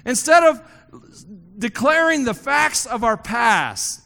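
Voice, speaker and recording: A man preaches to a live congregation in a big hall, his high voice swooping up and down as he jokes with the crowd. He keeps repeating his key lines for emphasis, and a long reverb trails behind every phrase. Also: lively intonation, slow, creaky, pushed and bright. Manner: joking and conversational with the congregation. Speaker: pastor. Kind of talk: sermon. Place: church hall before a congregation.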